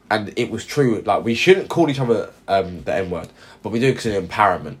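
Husky low-voiced man chatting. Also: brisk, few pauses. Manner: animated storytelling with slang. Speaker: podcast co-host. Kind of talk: casual chat.

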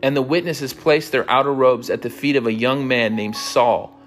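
A man's voice: medium pitch, steady tone, normal speed, fairly bright tone, faint music behind. Emphatic man teaching the Bible. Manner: emphatic and conversational, often checking in with "right?". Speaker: podcast host teaching the Bible. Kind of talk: podcast Bible study.

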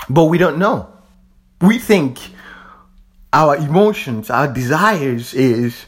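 A man from Africa giving a fervent, repetitive monologue, swearing casually as he preaches. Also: medium pitch. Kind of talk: impassioned monologue.

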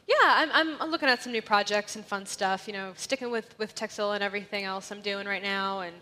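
A woman's voice: mid-range voice, brisk, bright, forceful tone. A woman guest on a live podcast, chatty and enthusiastic. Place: large museum hall with live audience. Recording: live in a reverberant hall.

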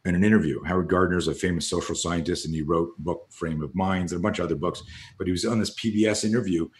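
A deep-voiced older man talks in a loose, rambling way, swearing now and then and slipping into the voices of people he quotes. His voice rings out in an echoey room. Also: steady tone, fast talker. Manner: rambling storyteller who swears freely and acts out quotes. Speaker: podcast guest, fear coach. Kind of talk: casual conversation.

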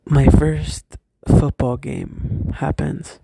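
A young man telling a personal story from his school days, hesitant and halting, often stopping and restarting. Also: a little high, vocal fry, mellow, slightly rough, no room sound.

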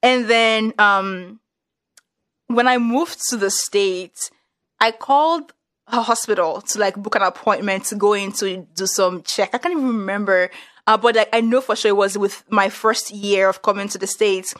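A woman's voice: medium pitch, moderate pace. A young adult woman with a Nigerian accent, chatting casually and acting out dialogue as she tells stories. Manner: lively storyteller acting out dialogue. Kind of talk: casual chat.

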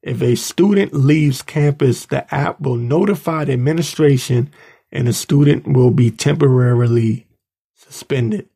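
A man's voice: medium pitch, a little slow, gravelly, dark tone, slightly rough. A man hosting a podcast, ranting angrily and indignantly, mocking the people he talks about. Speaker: podcast host. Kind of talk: ranting commentary. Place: works in Washington DC area.

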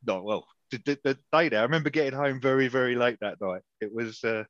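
A man's voice: medium pitch, quick pace, fairly bright tone, no echo, dull audio. A man hosting a casual chat, telling rambling stories with many restarts and chuckles. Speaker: podcast host, interviewer.

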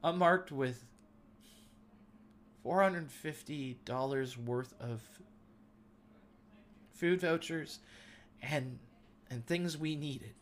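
A man's voice: fairly high pitch, drawn-out words, pauses often, a little hiss or hum. A man in his thirties hosting a devotional talk, sharing an earnest, emotional testimony. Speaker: podcast host.

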